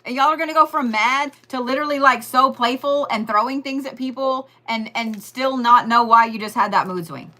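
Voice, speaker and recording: A woman with a lilt hosts a casual astrology reading. Her voice is bright and sits a bit high, and she rambles, jokes and swears freely as she talks straight to her listeners. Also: a little fast, few pauses. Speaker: astrology and Reiki host.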